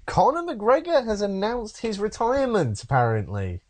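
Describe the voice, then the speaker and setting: Animated man ranting on a podcast. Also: high voice, normal speed. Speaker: podcast co-host. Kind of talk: casual chat.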